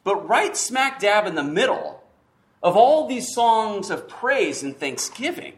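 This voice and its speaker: Man, sermon, expressive preaching, emphatic pauses, animated voice. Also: high voice. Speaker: pastor.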